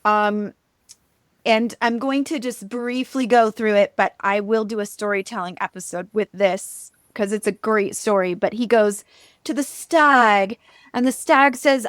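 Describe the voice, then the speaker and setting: A woman's voice: medium pitch, unhurried, no echo, clean studio sound. A woman hosting a podcast, casually retelling a myth in a chatty way, with fillers and laughs. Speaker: podcast host. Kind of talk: casual storytelling chat.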